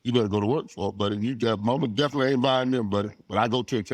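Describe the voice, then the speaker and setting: A middle-aged man, a former football player telling animated stories on a podcast, acting out quotes and laughing often. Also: mid-range voice, rapid-fire, few pauses, no room sound. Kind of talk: casual storytelling.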